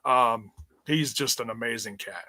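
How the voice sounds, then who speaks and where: A man's voice: medium pitch, a little slow, pushed and bright, no room sound. A man co-hosting a wrestling review podcast, chatty and rambling, laughing often. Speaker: podcast co-host. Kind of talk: casual wrestling review chat.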